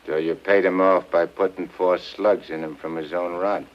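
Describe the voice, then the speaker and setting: A man's voice: low voice, steady tone, moderate pace, lightly acted. An actor playing a tough male gangster in a 1940s film, talking in menacing street slang. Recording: muffled old film soundtrack with music.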